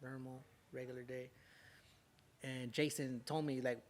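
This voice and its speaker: This podcast guest, a young rapper from Southern California, has a mid-range, slightly mellow voice with a level tone and a measured pace. He relates a story in profane, casual street slang, leaning on "way" and "fool" as tag words.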